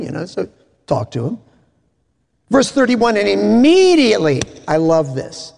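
A man preaching a sermon in a folksy, animated way, with joking asides. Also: sits high, gravelly. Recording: echoey hall.

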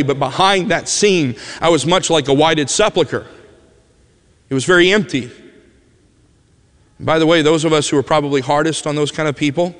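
A man tells a personal story from the pulpit in a somewhat high voice. He is a vivid storyteller who drops to a hush at the tender parts, and his voice carries a long reverb through a large church hall. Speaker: preacher giving a testimony. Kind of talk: emotional sermon storytelling.

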